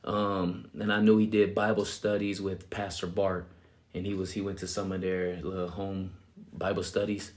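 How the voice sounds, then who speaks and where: A man's voice: low voice, little pitch movement, moderate pace, darkish tone. A young man casually telling his life story as a guest, acting out quotes and laughing often. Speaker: guest sharing his testimony.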